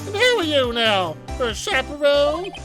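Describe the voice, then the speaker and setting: A brash, feisty Southern country gal with a thick drawl, loud and folksy as she scolds. Her voice rises high and swings widely. Video game music plays underneath. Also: sing-song, a little slow. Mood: scolding. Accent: Southern US drawl, put on. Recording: game music playing behind.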